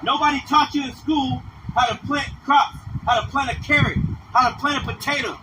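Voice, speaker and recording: A man preaching on the street in a very high voice, scolding his listeners in slangy, repetitive bursts. The recording is noisy, with vehicles passing close by outdoors. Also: steady tone, a little fast, distant mic. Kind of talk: livestreamed street sermon.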